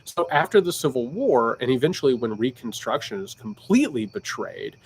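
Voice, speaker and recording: A man with a Southern Indiana accent hosting a casual livestream, loose and candid as he works through viewer questions. His pitch rises and falls a lot, and he often restarts his sentences. There is a faint hiss of room ambience behind him. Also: fairly quick, vocal fry. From Indiana, United States. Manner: animated, with frequent restarts. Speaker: political commentator livestream host.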